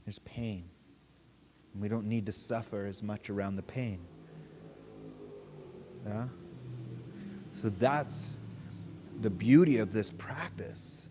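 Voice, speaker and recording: A man leading a meditation group, telling a story in a relaxed, casual way, swearing freely and laughing often. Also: on the low side, slow pace, long pauses, background noise. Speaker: meditation teacher. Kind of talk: casual dharma talk.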